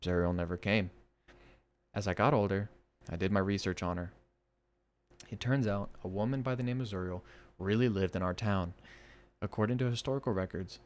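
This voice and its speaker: A man's voice: fairly low pitch, normal speed, pauses often. A man hosting a podcast, reading horror stories aloud and breaking off for chatty, enthusiastic asides to his listeners.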